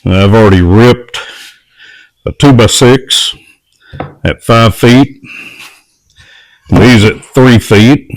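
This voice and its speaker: A man's voice: medium pitch, very slow, long pauses, no room sound. A man casually narrating step by step as he builds garden doors at a work table. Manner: plain, matter-of-fact step-by-step talk. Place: workshop or outdoor work table.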